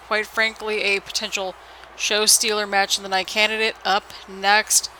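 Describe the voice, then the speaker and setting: A YouTuber giving solo play-by-play for a wrestling video game on a headset mic, keeping the voice low because it is late at night. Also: flat delivery, a little slow, a little hiss or hum, poor audio. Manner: keeps the voice low and hushed for late-night recording; hype play-by-play with frequent "people" call-outs. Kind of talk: solo game commentary in a wrestling announcer manner.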